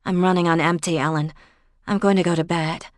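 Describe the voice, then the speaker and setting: A woman voicing a blunt, rattled young woman with sharp, exasperated retorts. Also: fairly low pitch, fairly even intonation, brisk, no room sound, studio quality, close to an everyday voice. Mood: tired.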